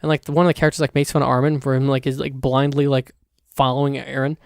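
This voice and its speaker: A man's voice: mid-range voice, level tone, quick pace, a little mellow, smooth, no room sound, studio quality. A young man hosting a casual solo podcast, rambling with lots of "like" and restarts, swearing casually. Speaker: podcast host.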